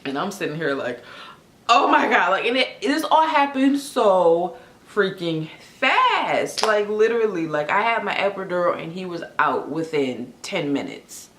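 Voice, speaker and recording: A young adult woman telling a story in a casual vlog, chatty and animated, with lots of fillers. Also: fairly low pitch, a little slow, a little hiss or hum. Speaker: vlogger. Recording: echoey room.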